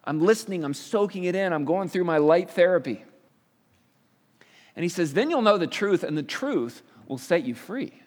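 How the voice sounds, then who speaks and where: A man's voice: high voice, animated, moderate pace. A middle-aged man preaching a sermon as a pastor, explaining scripture in a conversational way with rhetorical questions. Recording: reverberant hall.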